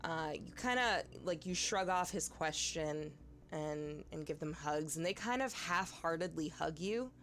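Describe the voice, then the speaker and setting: Slow, low-voiced woman game master. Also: a bit bright. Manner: hesitant, many fillers, second-person narration. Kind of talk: narrating a tabletop horror game.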